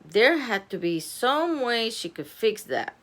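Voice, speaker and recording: A woman reading a children's chapter book aloud at home, animated and giggly, stopping to chat about the story. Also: fairly high pitch, slow pace. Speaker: storybook reader.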